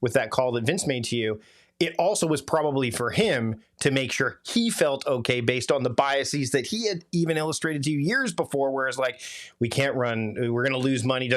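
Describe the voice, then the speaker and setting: A man's voice: medium pitch, fairly bright tone. A man hosting an interview, asking long, thoughtful questions and offering reflections. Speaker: podcast host. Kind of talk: conversational interviewing.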